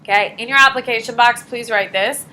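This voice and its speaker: A woman's voice: fairly high pitch, brisk, rough recording. A woman teacher giving a casual, jokey classroom lecture in a classroom, acting out little dialogues as she explains. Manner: animated, jokey, acts out dialogue.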